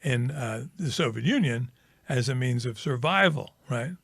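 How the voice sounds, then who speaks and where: Gravelly animated male podcast host. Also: moderate pace, no echo, clean studio sound. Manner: animated storyteller, acts out characters with pitch jumps. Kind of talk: casual chat, retelling a film joke.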